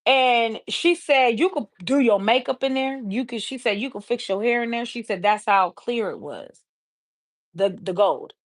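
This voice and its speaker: A woman's voice: fairly high pitch, expressive, normal speed, no echo, clean studio sound. A woman hosting a livestream, earnestly retelling someone's story and often stopping to say "she said". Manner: earnest retelling with many repeated "she said" asides. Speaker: livestream host.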